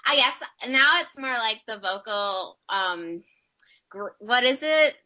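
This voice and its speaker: Young american actress chatting on a video call, bright voice, kinda muffled audio, lots of "like". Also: female voice, on the high side, lively intonation, slow pace. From United States. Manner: chatty, many fillers, upbeat. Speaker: actress and guest. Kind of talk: casual interview chat.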